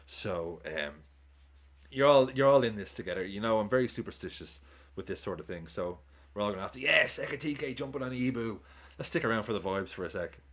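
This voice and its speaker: A man's voice: on the low side, expressive, a little fast, a bit bright. A man streaming a live football watchalong, chatting casually, swearing, cheering goals and thanking viewers for tips.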